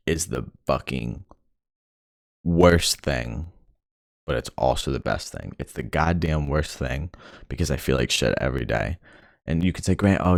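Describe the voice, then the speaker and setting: Young man, very low gravelly voice, frustrated profane rant, dry close sound. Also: no room sound. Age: young adult. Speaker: vlogger. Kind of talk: ranting monologue.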